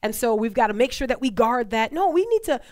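A woman's voice: a little high, very animated, fast. A woman co-hosting a faith talk show, speaking with passion and repeating phrases for emphasis. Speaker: co-host.

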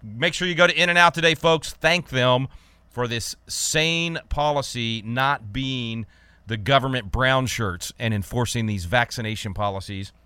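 A man from Texas hosting a talk radio show, talking fast and emphatically with frequent repeated words. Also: mid-range voice, sharp tone, clean tone, dry recording.

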